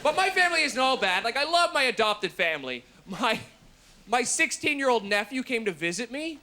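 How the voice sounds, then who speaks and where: A man in his thirties performing a stand-up comedy set with dark, deadpan jokes, muttering his asides and shouting his punchlines. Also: normal speed, some chatter behind, a little hiss or hum. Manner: drops to a low mutter for asides. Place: comedy stage before a live audience.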